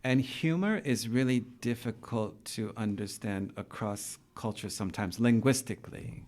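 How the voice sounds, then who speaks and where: A man with a fairly low voice hosts a relaxed podcast interview. He keeps the talk moving with quick questions, dropping "okay" and "dude" throughout. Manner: chatty, asks many questions, says dude and okay a lot. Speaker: podcast host. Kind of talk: casual interview chat.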